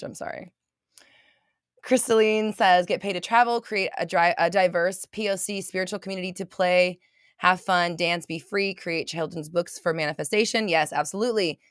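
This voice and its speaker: A woman's voice: fairly low pitch, fairly bright tone, dry recording, studio quality. A woman hosting a casual motivational livestream, reading viewer comments aloud and answering them in an emphatic, gushing way, repeating herself and swearing now and then. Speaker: livestream host.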